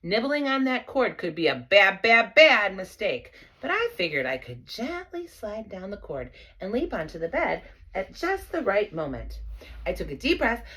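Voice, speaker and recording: A woman narrating a children's storybook in an expressive, playful first-person voice. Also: medium pitch, normal speed, breathy edge. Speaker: audiobook reader.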